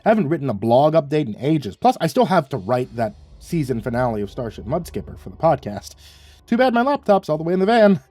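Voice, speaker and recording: A man reading a horror story aloud as a narrator, in a wry, measured manner. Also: fairly high pitch, very animated, warm tone, no echo.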